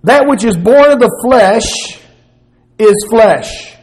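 A middle-aged man with a Southern accent preaching a sermon, expressive, at times acting out the words of Jesus. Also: very high-pitched, slow pace, rough recording. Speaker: pastor.

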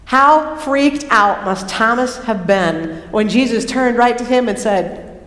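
A woman preacher giving an animated sermon, moving between hushed and excited. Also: on the high side, slow. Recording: echoey hall reverb.

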